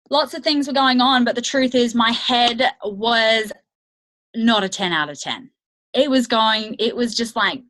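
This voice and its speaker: Woman, network marketing coach, video call, candid chatty manner, slow pace, bright tone. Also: medium pitch, poor audio. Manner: candid, chatty, full of fillers. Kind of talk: motivational team training call.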